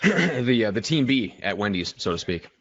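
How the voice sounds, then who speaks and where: Low-voiced man hosting a livestream. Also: very animated, moderate pace, no echo. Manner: steers the talk, explains step by step. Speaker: show host. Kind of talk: casual livestream talk, coaching. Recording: dry, slightly dull livestream audio.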